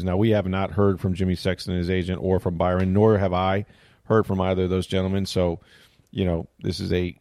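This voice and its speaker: A man's voice: deep voice, a little mellow, no room sound, studio quality. A middle-aged man hosting a sports talk show, telling a story in a casual, rambling way and interrupting himself often. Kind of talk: casual chat.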